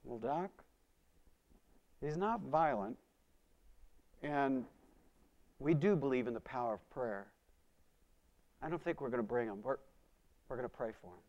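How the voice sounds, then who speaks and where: A man's voice: mid-range voice, lively intonation, a little slow, pauses often, a little mellow, dull audio. A preacher acting out an anxious father who pleads earnestly with a doctor on the phone.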